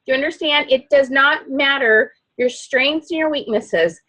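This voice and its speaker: A loud, outgoing woman giving an animated coaching talk to a sales team. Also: high voice, normal speed, rough recording. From not from the Midwest.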